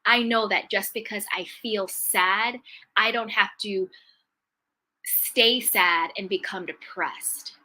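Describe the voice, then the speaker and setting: Bright, emphatic woman self-love coach. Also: medium pitch, low-quality recording. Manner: emphatic and repetitive, slows to stress key phrases. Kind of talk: motivational talk to camera.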